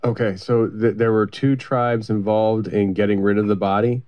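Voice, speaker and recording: Low-ish male interviewer double checking details, muffled lo-fi recording. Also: little pitch movement, moderate pace. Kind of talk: interview questions.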